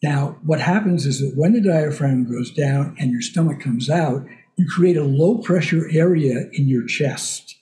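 Older male voice coach, mellow tone. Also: a little high, measured pace, slight background noise. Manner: explains patiently with spoken examples. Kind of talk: casual podcast conversation.

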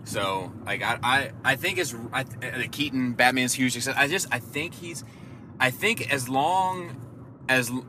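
A man's voice: mid-range voice, a little slow, bright, forceful tone, slight background noise. A man talking casually in a car, rambling and swearing, with a self-deprecating edge. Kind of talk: casual chat.

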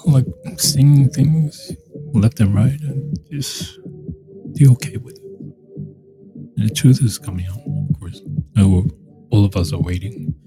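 A man's voice: mid-range voice, unhurried, pauses often. A man talking in a rambling casual monologue, full of restarts and mocking quoted voices. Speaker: show host. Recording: music playing behind the voice.

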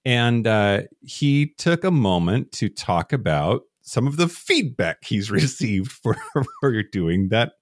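A man's voice: medium pitch, big pitch swings, slow pace, no room sound, studio quality. A man co-hosting a casual podcast, chatty, laughing often and talking with fillers and restarts. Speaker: podcast co-host.

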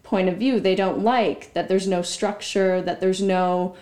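A woman chatting casually as a podcast guest, reflective and quick to laugh. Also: medium pitch, steady tone, a little mellow. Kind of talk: casual chat.

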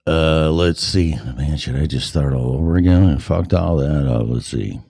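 A man's voice: very deep voice, normal speed, gravelly, few pauses, dark tone, no room sound, studio quality. A man hosting a live show, rambling, swearing and talking to himself between his scripted lines. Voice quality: rambling, profane, talks to himself. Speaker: show host. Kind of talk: casual live show monologue. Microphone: headphones and mic, checked aloud.

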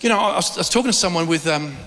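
A middle-aged man from Australia with an Australian accent, preaching an animated sermon and often repeating words. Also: rapid-fire. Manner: animated preaching, repeats words, rises high when excited. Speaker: pastor. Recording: long hall reverb.

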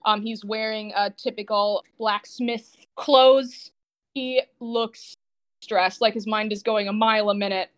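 A woman's voice: mid-range voice, fairly even intonation, measured pace. A woman narrating as game master of a tabletop game, loose and jokey, often laughing.

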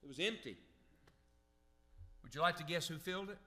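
A male pastor preaching a sermon emphatically, asking the congregation questions and reading scripture aloud slowly. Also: a little high, pushed and bright.

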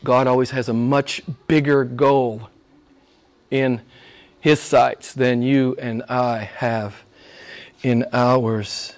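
A pastor preaches a sermon, peppering the congregation with one question after another. His delivery is flat and extremely slow, with long pauses, yet it climbs to loud, emphatic peaks and sinks into hushed, low asides.

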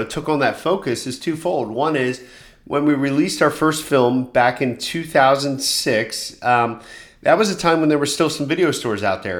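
Male podcast host, mid pitch, monotone, chatty, lots of fillers. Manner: conversational, with many fillers and restarts; calls his own voice monotone. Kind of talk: solo podcast talk.

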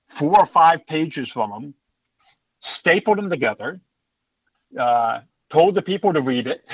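A man's voice: a little high, lo-fi sound. A middle-aged man, a stand-up comedy teacher, telling stories in a chatty, rambling, self-assured way during a casual interview.

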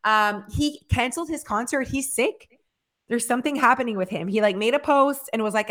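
A woman co-hosting a casual chat, talking fast with lots of fillers and acting out what people say. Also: mid-range voice. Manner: chatty, filler-heavy, animated storytelling. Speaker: podcast co-host.

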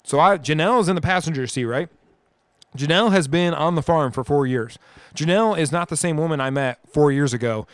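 A man co-hosting a casual podcast, telling road-trip stories with loud, profane, acted-out bursts. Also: fairly high pitch, fairly quick, smooth, dry recording. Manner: animated, profane storyteller acting out scenes loudly. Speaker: podcast co-host. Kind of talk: casual storytelling.

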